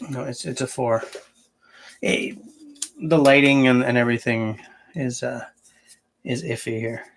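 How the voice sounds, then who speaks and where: A man's voice: mid-range voice, fairly even intonation, measured pace, slight background noise. A man hosting a casual livestream, answering viewers and thinking aloud as he rambles. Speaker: livestream host.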